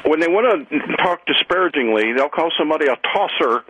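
A man's voice: fairly high pitch, expressive, fairly quick, muffled recording, slight background noise. A man calling into a radio talk show, chatty and curious. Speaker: caller. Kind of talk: radio call-in.

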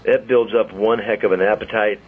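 A man in his sixties from St. Louis hosting a casual radio talk show, telling chatty stories full of quick asides. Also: on the low side, steady tone, husky. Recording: muffled studio audio with faint hiss.

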